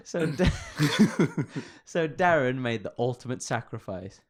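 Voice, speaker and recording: A man's voice: medium pitch, lively intonation, takes it slowly. A man co-hosting a comedy podcast, reading internet stories aloud with jokes and lots of swearing. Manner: swears a lot, jokey, reads stories aloud. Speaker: podcast co-host. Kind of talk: casual comedic chat.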